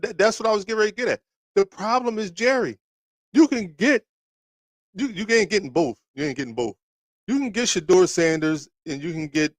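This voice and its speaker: A man's voice: on the high side, a bit bright, no echo. A man hosting a casual sports talk livestream, rambling and trash-talking as he answers viewers in the chat, with many restarts.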